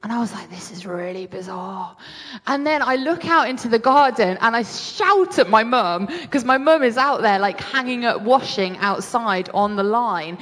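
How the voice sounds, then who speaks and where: A woman's voice: fairly high pitch, lively intonation, normal speed, few pauses, fairly bright tone. A woman with a British accent preaching a sermon in an earnest, conversational way, often restarting her sentences. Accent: British English. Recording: long hall reverb.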